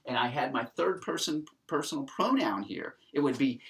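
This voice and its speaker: Male lecturer, lively pitch, emphatic classroom delivery with frequent ums. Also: normal speed, vocal fry, breathy edge. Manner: animated, emphatic, with many fillers. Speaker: Greek teacher.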